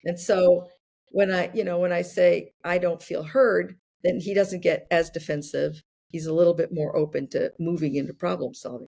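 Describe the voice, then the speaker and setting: An older woman in her sixties speaks with a gravelly texture and a slightly low pitch. She explains ideas patiently, building them up with worked examples, in an unhurried conversational style. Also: flat delivery, mellow. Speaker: guest. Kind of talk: conversational interview.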